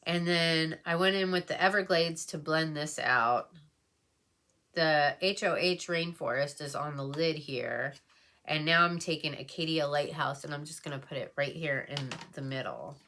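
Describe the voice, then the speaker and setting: A low-pitched woman speaks in a casual get-ready-with-me vlog. She rambles through her thoughts with plenty of fillers, sounding emotional as she talks. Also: unhurried, pushed and bright. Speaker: beauty vlogger.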